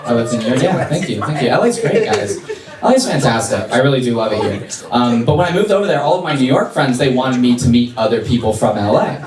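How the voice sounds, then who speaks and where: A young man from Los Angeles doing a sassy, animated stand-up comedy set on a club stage, with an audience laughing. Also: mid-range voice, fast talker, distant mic, a crowd in the background. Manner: sassy, animated, mocking impressions. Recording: echoey club recorded from afar.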